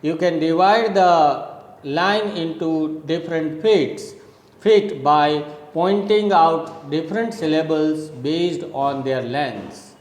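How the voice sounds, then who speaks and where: Man teaching a lecture, slightly high voice, unhurried explaining, roomy hall echo. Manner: slow, repetitive explaining with frequent "okay?" checks. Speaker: college literature lecturer. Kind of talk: recorded classroom lecture.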